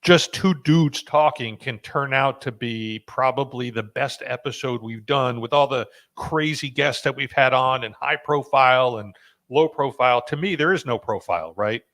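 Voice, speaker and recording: A man's voice: mid-range voice, normal speed, fairly bright tone. A man hosting a podcast, talking loosely and joking, with frequent fillers and restarts. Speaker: podcast host. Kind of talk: casual podcast chat.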